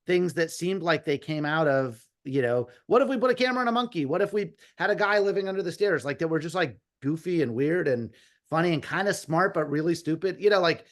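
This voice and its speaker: A man in his fifties, a comedy writer guest, telling animated, rambling stories with lots of restarts and quoted asides. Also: fairly high pitch, a little fast. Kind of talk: casual storytelling interview.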